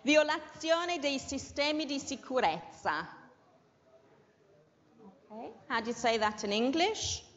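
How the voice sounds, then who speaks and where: The teacher's voice is high with lively intonation, and she keeps a measured pace, pausing often. She is running a dictation in an English class, patiently giving every word twice, captured in dull lo-fi audio with lengthy room reverb.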